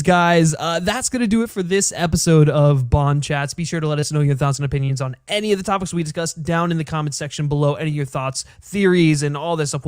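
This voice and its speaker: A man hosting a casual film podcast, laid-back and quick to laugh, with some swearing. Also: on the high side, clear, resonant tone, no echo, studio quality. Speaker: podcast host.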